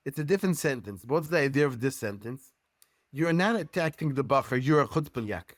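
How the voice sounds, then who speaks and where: A man whose first language is Hebrew, speaking as a guest rabbi and educator in earnest, halting English full of Hebrew terms. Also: on the high side, expressive, no room sound, studio quality. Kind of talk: podcast discussion.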